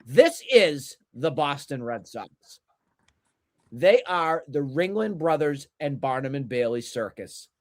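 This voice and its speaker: Angry male podcast co-host, unhurried profane rant. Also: on the high side. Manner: angry, profane, repetitive ranting.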